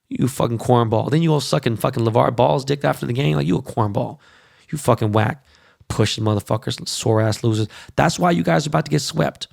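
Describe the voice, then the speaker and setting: A man's voice: medium pitch, a little fast, vocal fry, no echo, studio quality. A man hosting a podcast, ranting casually and profanely about basketball and plugging events. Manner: profane, animated sports rant. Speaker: podcast host.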